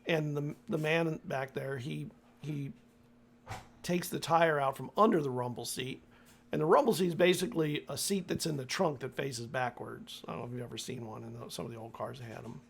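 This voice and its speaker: A man narrating as game master for a tabletop horror game, halting with many fillers. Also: on the high side, vocal fry, a little hiss or hum.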